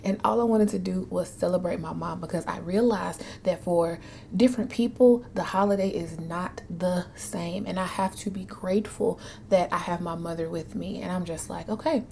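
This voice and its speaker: Woman in her 30s, lowish mellow voice, earnest vlog talk that dips to whispers, faint hum behind. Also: moderate pace, creaky. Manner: earnest, emotional, addresses viewers as y'all, drops to soft whispers. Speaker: vlogger. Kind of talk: heartfelt personal talk to camera.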